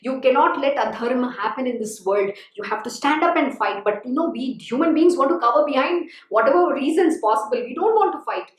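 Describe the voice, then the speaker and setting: A woman's voice: sits high, expressive, brisk, few pauses. A woman spiritual teacher giving a devotional discourse, earnest and exhorting, often saying "you know". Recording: echoey room.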